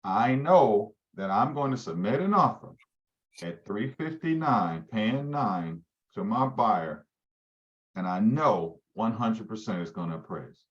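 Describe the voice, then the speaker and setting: A real estate team leader runs a live training session for agents, quizzing his listeners as he goes. His fairly low voice has lively intonation and a measured pace. The audio is dull.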